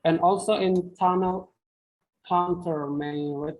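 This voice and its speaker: A young adult student whose first language is Indonesian gives a class presentation, halting and often restarting phrases. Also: mid-range voice, steady tone, a little mellow, poor audio.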